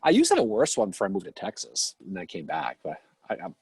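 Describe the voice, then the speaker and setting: A man's voice: low-pitched, huge pitch swings, quick pace, breathy edge, no echo. A man with a Boston accent co-hosting a casual chat, rambling with lots of restarts. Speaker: podcast co-host.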